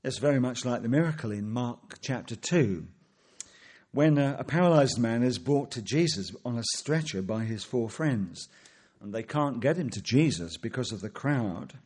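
A man preaches a sermon, his pitch rising and falling as he works through rhetorical questions and quoted scripture. His voice is slightly husky, and he talks at a measured, expository pace. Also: animated, darkish tone.

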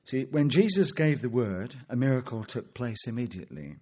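Husky-voiced man preaching a lively sermon. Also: medium pitch, moderate pace. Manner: expository preaching with rhetorical questions and quoted scripture.

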